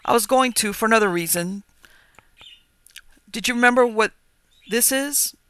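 A man's voice: very high-pitched, normal speed, bright, forceful tone, clean tone, pitched above the performer's own voice. A man voicing a theatre assistant stage manager trading dry, gossipy banter backstage. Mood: wry.

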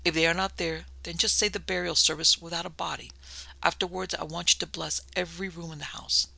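A man's voice: fairly high pitch, little pitch movement, fairly quick, vocal fry, sharp tone, no echo, heavily acted, poor audio. A man reading the part of an earnest young woman who knows about the occult, in an audiobook. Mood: persuasive. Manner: earnest, commanding. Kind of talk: audiobook character voice.

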